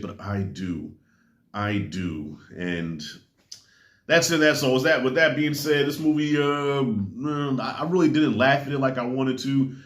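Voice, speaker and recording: A middle-aged man giving a casual spoken movie review, talking in an animated way and acting out the people he quotes. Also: lowish voice. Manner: animated, acts out quoted voices. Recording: roomy echo.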